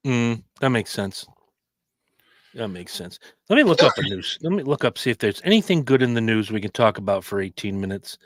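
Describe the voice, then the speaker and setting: A man's voice: fairly low pitch, very animated, fairly quick, no room sound. A worn-out man co-hosting a podcast, bantering in a wry, laid-back way. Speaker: podcast co-host. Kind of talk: casual chat.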